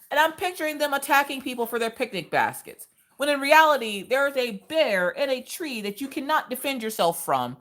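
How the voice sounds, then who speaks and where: A woman chatting casually on a craft livestream, reading viewer comments with animated, laughing reactions. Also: high voice, moderate pace. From Pennsylvania. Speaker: livestream host.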